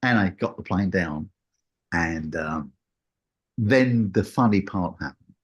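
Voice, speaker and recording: A man telling a personal story in a casual, animated way, acting out what people said. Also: slow pace, breathy edge, muffled recording. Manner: animated, acts out what people said with big jumps in pitch.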